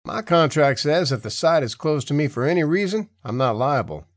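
A man voicing a calm, stubborn male logging contractor who talks dry and steady in an audiobook. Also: fairly high pitch, moderate pace, no echo, voice pushed up.

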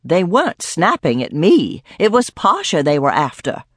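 A woman narrator voicing a stern, feisty elderly woman with sharp, commanding outbursts. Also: fairly low pitch, wildly swooping pitch, moderate pace, husky, dry recording, clean studio sound, exaggerated voice. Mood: anxious.

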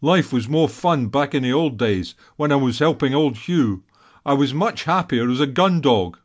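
A man's voice: medium pitch, lively intonation, moderate pace, voice pushed up, close to an everyday voice. A man voicing an easygoing older male black Labrador who talks in a grumbling, wry way, in a storybook. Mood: gruff, wry.

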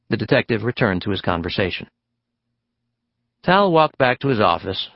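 A man narrating an audiobook in a steady, measured reading. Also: lowish voice, no room sound, dull audio. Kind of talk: scripted narration.

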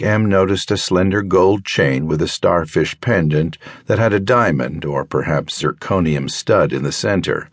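A man with a deep voice narrates a thriller audiobook from a script, keeping his storytelling measured and even. The audio is clean studio sound without echo.

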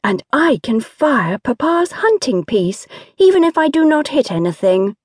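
A woman reading an audiobook, voicing an excitable tomboyish young girl in a high, gushing voice. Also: measured pace, slightly rough, dry recording, studio quality, full character voice. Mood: overjoyed.

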